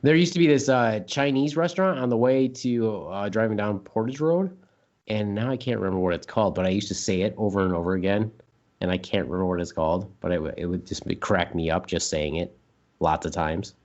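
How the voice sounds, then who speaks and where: A man's voice: on the low side, a little fast, darkish tone. Rambling man on a podcast, lo-fi. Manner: rambling, repeats funny words in silly voices. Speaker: podcast co-host. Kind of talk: casual chat.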